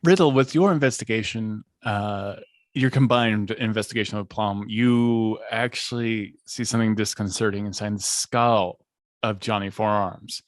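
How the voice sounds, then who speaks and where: A man's voice: lowish voice, moderate pace, no room sound. Man narrating as dungeon master. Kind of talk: narrating a tabletop game.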